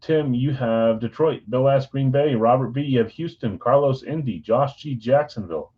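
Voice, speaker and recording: A man hosting a live sports card break stream, chatting casually with viewers and reading out team assignments in a relaxed way. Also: mid-range voice, normal speed, slightly rough, muffled recording. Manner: relaxed, chatty, talks straight to viewers by name.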